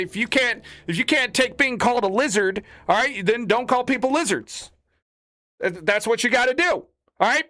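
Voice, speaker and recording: High, lively man in a profane rant. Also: dry recording, studio quality. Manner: profane, exasperated ranting. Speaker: streamer. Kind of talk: ranting stream commentary.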